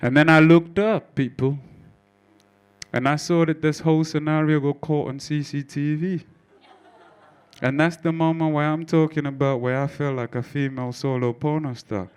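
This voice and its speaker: A man working a live comedy club crowd, brash and full of swearing as he tells his story. His voice is clear and smooth, and it sits a little higher than most men's. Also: steady tone, moderate pace. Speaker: stand-up comedian. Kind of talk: stand-up comedy set with crowd work. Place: comedy club stage before a live audience.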